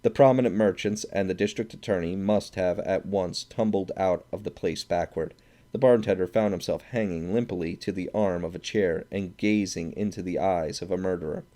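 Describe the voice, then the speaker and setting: A man narrating a classic short story aloud in a measured, steady audiobook reading. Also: deep voice. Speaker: audiobook reader.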